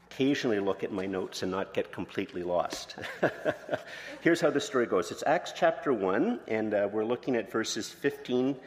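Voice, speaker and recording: A man's voice: medium pitch, in a large hall. A man pastor giving a conversational sermon, telling personal stories in an informal, candid way with lots of fillers and restarts. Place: church sanctuary.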